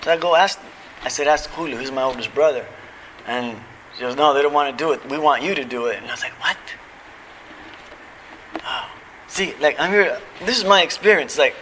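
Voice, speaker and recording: A middle-aged man gives a personal recovery testimony with a bright, forceful voice. He tells it as a casual story, acting out both sides of old conversations and chuckling at his own lines. A faint hiss of noise sits under the speech. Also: mid-range voice, rough recording. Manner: storytelling, acting out quoted dialogue.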